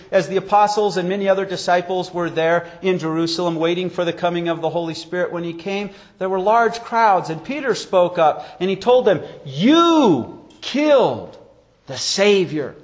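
A man preaching a sermon as pastor, telling stories and acting out quotes, with sharp rises and drops in his voice. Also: high voice, brisk, few pauses.

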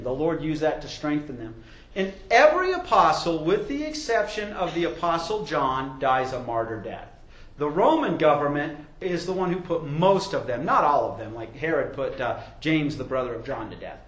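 A man preaching a sermon to a congregation, emphatic and rising loud when he quotes scripture. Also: a little high, lively intonation, normal speed, roomy sound, low-quality recording. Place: church hall with a congregation.

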